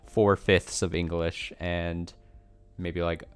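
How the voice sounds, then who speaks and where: Low-voiced man rambling on stream. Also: clean tone. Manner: rambling, self-deprecating, chuckling, answers chat questions. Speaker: let's play streamer. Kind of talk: casual chat while playing a game. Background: faint game music.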